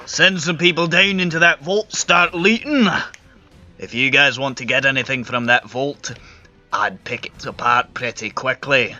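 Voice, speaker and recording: A man's voice: medium pitch, unhurried, sharp tone. A man running a tabletop game as game master, narrating in a loose, casual way. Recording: muffled audio with faint music.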